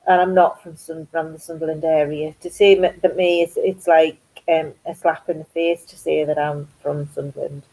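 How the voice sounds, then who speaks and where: A middle-aged woman from County Durham with a North East English accent, telling stories in a chatty vlog and acting out quoted voices with big pitch jumps. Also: little pitch movement, moderate pace, few pauses, warm tone, rough recording. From County Durham, England. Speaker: crafting vlogger. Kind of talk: casual storytelling chat.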